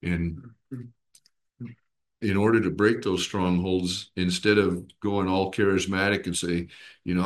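A man with a fairly low voice leads a small Bible study group in a relaxed, conversational way. He keeps turning questions back to his listeners to draw them in, and he makes his points with quick impressions, voices and expressions.

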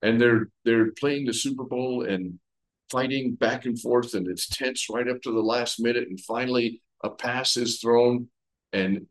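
A man leading a conversational Bible study, retelling the story with lively everyday comparisons. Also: medium pitch, measured pace, rough recording. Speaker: Bible teacher.

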